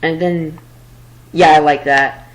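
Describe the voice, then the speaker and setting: A deep, steady female voice moves at a slow pace over slight background noise in a low-quality recording. She's a gameplay commentator building in a casual let's-play, rambling, somewhat flustered, self-deprecating, and tired late at night.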